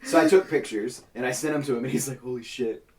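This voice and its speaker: A man's voice: medium pitch, quick pace. Man on a chill podcast spinning a long swear-heavy yarn, sounds a bit far from the mic, voice sits in the middle, tells it like he's reliving it, doing all the voices himself. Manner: profane, animated, acts out quoted people. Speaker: podcast co-host. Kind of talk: casual storytelling among friends.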